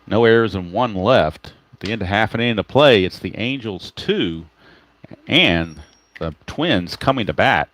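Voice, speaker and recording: A man's voice: lowish voice, expressive, a little slow, fairly bright tone. A man giving casual play-by-play of a tabletop baseball game, explaining each roll and chatting to viewers by name.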